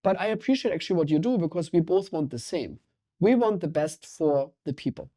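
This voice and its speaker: A middle-aged man with a German accent talks as a guest in a podcast interview. He sounds energetic and emphatic, and his voice has a mellow, warm tone. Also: fairly high pitch, fairly quick. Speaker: guest, water sommelier.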